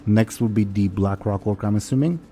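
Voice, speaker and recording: A man's voice: lowish voice, fairly quick, over music. A man acting as game master, narrating a tabletop game and describing the characters' actions in the third person.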